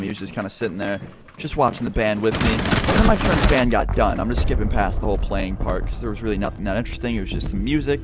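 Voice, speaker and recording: Fast-talking young man telling a story. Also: on the low side. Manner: animated, profane, heavy swearing. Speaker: YouTuber. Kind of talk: casual storytelling over gameplay. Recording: game sounds and gunfire behind voice. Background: gunfire and clicks from a game.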